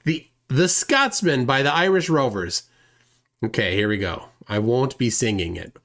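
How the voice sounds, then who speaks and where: A man's voice: mid-range voice, lively intonation, a little slow, a bit bright. A man hosting a casual livestream, reading viewer comments aloud and rambling with self-deprecating chuckles. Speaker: livestream host.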